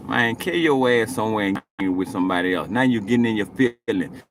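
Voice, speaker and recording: A man's voice: lowish voice, lively intonation, a little fast, slight background noise. A man in his late forties chatting casually to viewers on a live stream, rambling and cursing, and tagging most thoughts with "you know what I'm saying.". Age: 40s.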